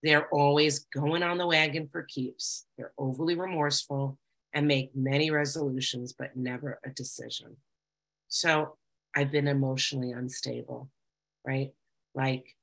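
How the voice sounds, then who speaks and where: A middle-aged woman speaks in a deep, gravelly register with a slightly husky edge. She talks in an earnest, confessional way, reading short passages aloud and then reflecting on them in her own words. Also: poor audio. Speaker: speaker sharing recovery experience. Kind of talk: personal recovery talk.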